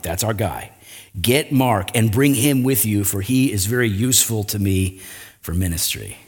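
A man's voice: on the low side, slightly rough. A male pastor giving a conversational sermon, telling a personal story with casual asides.

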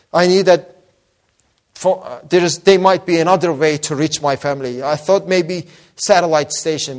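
Earnest man pastor. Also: fairly high pitch. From Iran. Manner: earnest, fervent, repeats words when stressing. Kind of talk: personal testimony sermon.

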